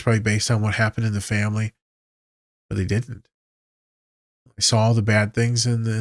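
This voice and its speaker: A man's voice: on the low side, gravelly, dry recording, clean studio sound. A man, a therapist hosting a podcast, talking casually, candid and profane with a joking edge.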